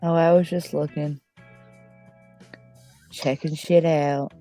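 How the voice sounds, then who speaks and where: A man's voice: fairly high pitch, flat delivery, slow, dark tone, faint music behind. A man making brief laid-back remarks in a casual chat, away from the microphone.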